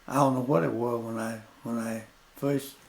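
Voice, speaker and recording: Gravelly older man telling stories. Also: mid-range voice, fairly even intonation, a little mellow. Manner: plainspoken, deliberate, repeats his points. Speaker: interview guest. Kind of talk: storytelling in casual conversation.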